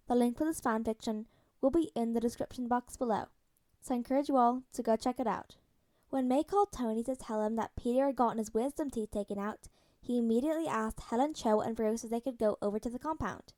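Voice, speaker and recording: A woman reads a fan story aloud in a calm, even storytelling way. Her voice sits fairly high and is heard close and dry, with no room around it. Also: no echo. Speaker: narrator. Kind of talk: fan audiobook reading.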